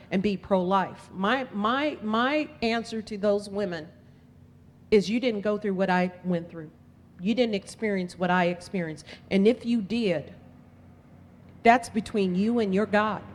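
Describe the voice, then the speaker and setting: A woman political candidate giving an impassioned, emphatic campaign speech, telling her story. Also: mid-range voice. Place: event hall. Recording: long hall reverb.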